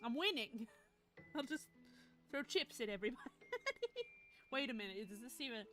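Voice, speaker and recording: A woman's voice: on the high side, expressive, normal speed, fairly bright tone. A young woman live-streaming, chatting casually and scatterbrained with her viewers, laughing often. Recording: music playing behind.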